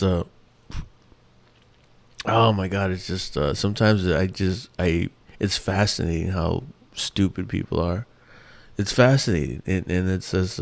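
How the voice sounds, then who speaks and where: On his own show, a podcast host rants casually, his low-pitched voice showing vocal fry and a slight mellowness. The monologue is exasperated, profane and meandering, full of restarts, and the recording is dry.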